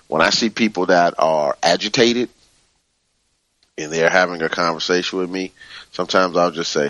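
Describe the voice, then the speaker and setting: Brief: low-voiced male teacher, calm and unhurried, dry close sound. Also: no room sound, muffled recording. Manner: slow, calm, repeats soothing phrases. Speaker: teacher leading a book study. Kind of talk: spiritual teaching, reading from a book.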